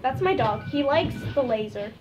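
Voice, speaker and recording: A woman's voice: high voice, expressive, moderate pace, lo-fi sound, loud music behind the voice. A young woman chatting casually at home as she makes slime, rambling with self-conscious asides. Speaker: slime vlogger. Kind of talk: casual vlog chat.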